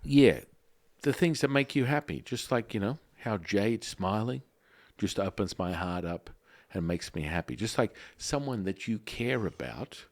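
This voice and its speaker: Brief: deep male voice, playful podcast co-host who likes joking slang. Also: expressive, unhurried, no echo. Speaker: podcast co-host and Taoist teacher. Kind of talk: casual spiritual podcast chat.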